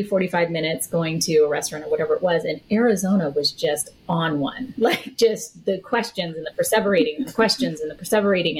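A woman co-hosting a podcast, telling stories in a chatty, animated way and laughing often. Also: fairly low pitch, slight background noise, low-quality recording. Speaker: podcast co-host. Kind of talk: casual podcast conversation.

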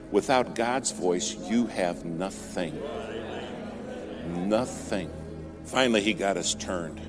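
Low-voiced preacher over music. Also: male voice. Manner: dramatic, rises to loud emphatic peaks then drops to near whispers. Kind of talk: sermon storytelling. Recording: music bed under the voice.

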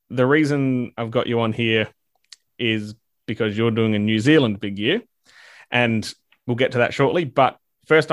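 A man hosting a podcast, asking questions in a relaxed, chatty way. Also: medium pitch, no room sound, clean studio sound. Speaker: podcast host. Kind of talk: casual interview questions.

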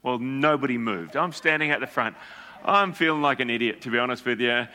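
A male pastor preaching a sermon through animated stories, acting out the people he quotes. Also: mid-range voice, a little fast. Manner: animated storyteller, acts out quotes. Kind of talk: storytelling sermon.

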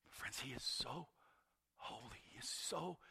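A man preaching a sermon, swinging from loud urgent calls to hushed near-whispers and often repeating words. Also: medium pitch, expressive, measured pace, gravelly, slightly rough. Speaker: pastor.

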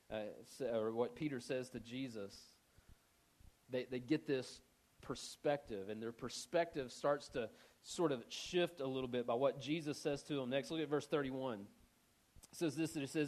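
A male pastor delivering a sermon as lively, conversational storytelling, with casual slang mixed in. His voice sits a bit higher than most men's.

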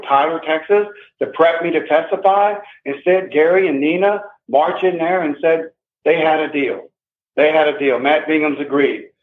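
A man in his sixties, an interview guest, telling his own story in an emphatic, agitated way and repeating himself. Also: on the high side. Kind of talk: emotional first-person account. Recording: tinny phone line with echo.

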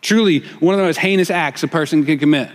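A man preaching a sermon, retelling a story and voicing the dialogue in a shifting, expressive way. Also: a little high, fast. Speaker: pastor. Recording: long reverb of a church hall.

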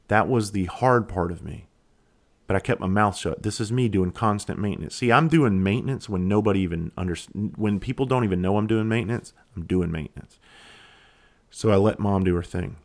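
A man hosting a podcast, talking candidly and reflectively, blunt and quick to swear. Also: lowish voice. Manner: reflective, halting. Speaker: podcast host. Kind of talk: casual solo podcast monologue.

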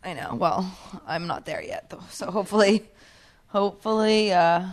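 A woman's voice: mid-range voice, lively intonation, moderate pace. Giggly, rambling pregnant woman co-host. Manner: rambling, giggly storytelling with many "like" fillers. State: pregnant, eighteen weeks. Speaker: podcast co-host. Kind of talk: casual chat.

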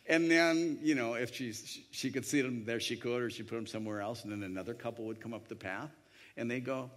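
A man's voice: mid-range voice, fast, a bit bright. A man telling a personal anecdote in a rambling way, with many restarts and voiced quotes. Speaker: storyteller. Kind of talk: anecdotal storytelling.

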